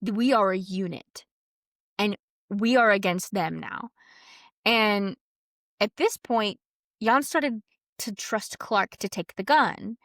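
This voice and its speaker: A woman co-hosting a podcast, telling a story in casual chat, full of "like" and quick quoted asides. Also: medium pitch, no room sound, studio quality. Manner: chatty, lots of "like", quotes people in quick asides.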